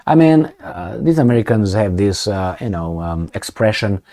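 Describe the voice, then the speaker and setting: A political commentary vlogger with a low-leaning, dark-toned, sing-song voice reads news aloud at a moderate pace in casual commentary. He jokes sarcastically and laughs often.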